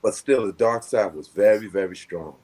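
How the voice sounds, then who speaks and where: A man's voice: on the low side, normal speed, mellow. An older man telling a long personal story in casual conversation, reflective and rambling with many fillers. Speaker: guest.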